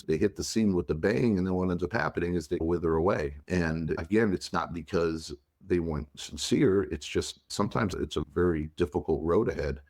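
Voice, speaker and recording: A man co-hosting a podcast, chatting casually and telling long, animated, teasing stories. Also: low-pitched. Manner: animated, rambling storyteller, teasing. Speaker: podcast co-host. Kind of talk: casual chat.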